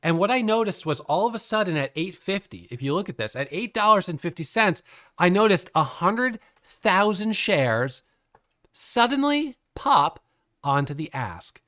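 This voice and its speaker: Middle-aged guy, bit high voice, casual explainer vibe, laughs a lot, animated. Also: moderate pace. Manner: animated, amused storytelling with frequent laughs. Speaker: day trading educator.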